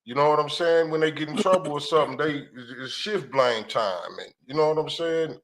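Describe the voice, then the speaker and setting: A man's voice: fairly high pitch, a little fast, fairly bright tone. Laid-back man talking slangy street talk. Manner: laid-back, slangy, keeps asking you know what I mean. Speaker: co-host. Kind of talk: casual talk show banter.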